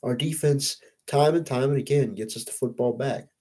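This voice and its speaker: A man's voice: medium pitch, normal speed, darkish tone, rough recording. A young man hosting a casual sports podcast, venting in a frustrated, profane, rambling way. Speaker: podcast host.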